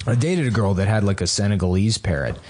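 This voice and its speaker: A man co-hosting a podcast, telling rambling crude anecdotes in a deadpan way and slipping into funny voices. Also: on the low side, fast talker. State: tired from no sleep. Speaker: podcast co-host. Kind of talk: casual comedic chat.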